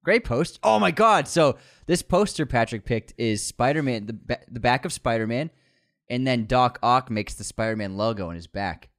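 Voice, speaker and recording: A male podcast co-host in loose, casual chat. His pitch swings a lot as he jokes, laughs and swears offhandedly. He sounds relaxed and unscripted. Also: normal speed. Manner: laid-back, joking, swears casually.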